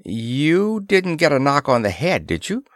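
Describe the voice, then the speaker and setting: A man's voice: mid-range voice, very animated, normal speed, fairly bright tone, no echo, clean studio sound, voice pushed up. A man reading a pulp adventure story, voicing the hero commander with clipped commands. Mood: commanding. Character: brisk male airship commander, decisive hero.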